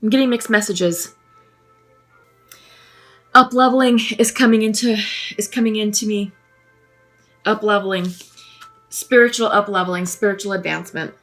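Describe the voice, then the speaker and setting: Woman, tarot reader, gentle musing delivery, mid pitch, soft music underneath. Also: fairly even intonation, normal speed, pauses often. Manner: musing, gentle, hesitant with fillers. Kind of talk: spoken tarot reading to camera.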